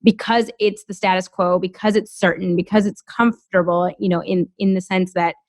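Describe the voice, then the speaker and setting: Thirtysomething american woman on a podcast, rambly animated storytelling, medium voice, dead dry sound. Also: medium pitch, normal speed, dry recording. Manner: chatty, heavy use of "like", animated storytelling. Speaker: podcast guest. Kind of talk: casual interview chat.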